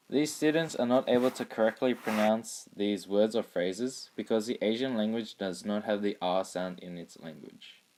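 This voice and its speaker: Low-voiced young man reading a school report. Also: darkish tone, a little hiss or hum. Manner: reads a prepared script steadily. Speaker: student presenter. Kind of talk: school project narration.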